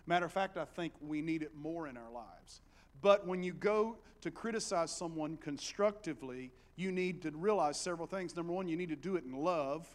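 Appalachian preacher with a higher voice. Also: male voice, moderate pace. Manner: animated, with big swings between hushed storytelling and loud exhortation. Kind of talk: sermon.

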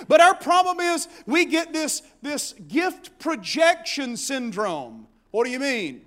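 Preacher guy, real high voice, folksy, yells the big lines. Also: takes it slowly, few pauses. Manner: folksy, animated preaching with shouted peaks. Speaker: pastor. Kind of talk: sermon.

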